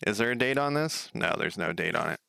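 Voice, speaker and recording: A man's voice: fairly low pitch, lively intonation, fairly quick, creaky, bright, forceful tone, no echo, clean studio sound. A man coding a game on a casual livestream, thinking aloud, rambling, swearing casually and chatting with viewers.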